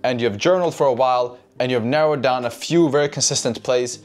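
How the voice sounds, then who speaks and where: Male trading coach, mid-pitch, casual and profane, talks straight to chat, faint music bed. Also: fast talker. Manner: profane, keeps asking "right?", addresses chat. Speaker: trading educator. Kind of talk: casual whiteboard trading lesson.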